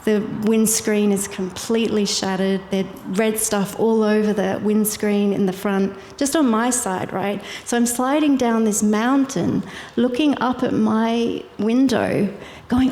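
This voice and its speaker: A woman's voice: medium pitch, measured pace, mellow. A woman with an Irish accent telling a vivid personal story as a guest, laughing easily as she goes. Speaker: guest sharing her testimony. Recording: echoey hall with faint noise.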